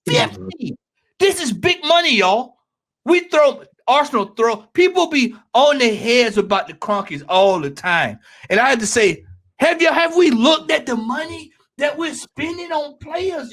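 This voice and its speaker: A man with a Southern US accent on a football fan panel, ranting heatedly and repeating himself, now and then breaking into shouts. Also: very high voice, big pitch swings, normal speed. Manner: ranting, repetitive, rising to shouts.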